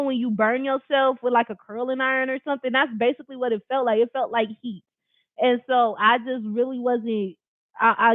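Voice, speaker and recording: A woman's voice: on the high side, dry recording. A woman telling a personal story in a casual storytime style, blunt, emphatic and full of profanity. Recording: tinny phone-like dry recording.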